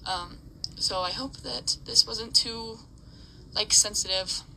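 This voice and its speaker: A woman's voice: mid-range voice, slow, gravelly, bright, forceful tone, a little hiss or hum, rough recording. Heated, swearing woman ranting. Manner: angry, swearing, emotional. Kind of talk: heated rant to camera.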